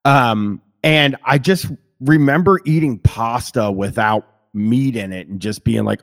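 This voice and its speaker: A man's voice: medium pitch, measured pace, hardly any pauses. A man in casual conversation who rambles, restarts his sentences, swears freely and laughs easily. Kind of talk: casual chat.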